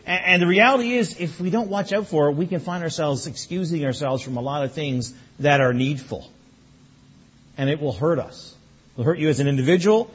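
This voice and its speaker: A man preaching a sermon as pastor, telling folksy personal stories in an animated way. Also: fairly high pitch, breathy edge, highs cut off. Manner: folksy storytelling, animated when recounting.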